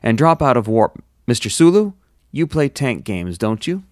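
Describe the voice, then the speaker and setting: A man's voice: mid-range voice, big pitch swings, moderate pace, no echo, studio quality, lightly acted. A man voicing a decisive starship captain who gives raised, clipped commands. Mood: commanding. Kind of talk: audiobook character voice.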